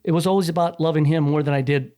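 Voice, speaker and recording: A man's voice: on the high side, steady tone, fast talker, dark tone. A middle-aged man, a wrestler's father, telling a long chatty story and acting out the quoted dialogue. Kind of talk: anecdotal storytelling.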